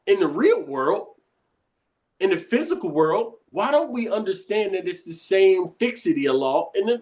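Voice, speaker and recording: A man's voice: high-pitched, big pitch swings, moderate pace, a little mellow. A man teaching a lesson, reading passages aloud and explaining them in an emphatic, conversational way. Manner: emphatic and conversational, repeats points, laughs.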